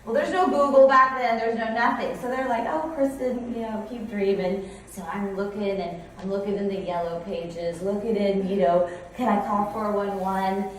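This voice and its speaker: A woman's voice: medium pitch, steady tone, moderate pace, hardly any pauses, slight background noise. A woman in her forties giving a conference keynote, telling stories in a chatty way with restarts. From California. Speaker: company president giving keynote. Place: conference hall. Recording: echoey hall, mic from a distance.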